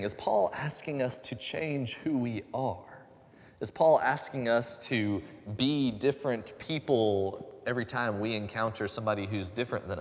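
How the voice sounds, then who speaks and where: A man pastor giving a conversational sermon, relaxed and joking with lively asides. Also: medium pitch. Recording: long hall reverb.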